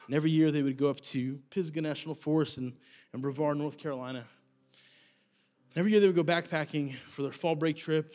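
A man's voice: a little high, darkish tone. A young man preaching a sermon as youth pastor, telling a story earnestly with rising emphasis and repeated phrases.

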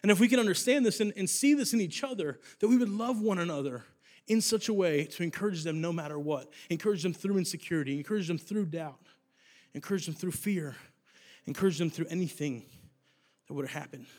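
A man's voice: high-pitched, a little fast, darkish tone. A young man preaching a sermon as youth pastor, telling a story earnestly with rising emphasis and repeated phrases.

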